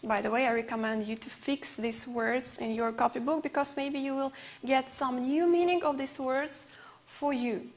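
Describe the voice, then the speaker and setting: A woman teaching an English lesson on television, a non-native speaker whose first language is Uzbek, who explains slowly with repeated examples and fillers. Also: high voice, steady tone.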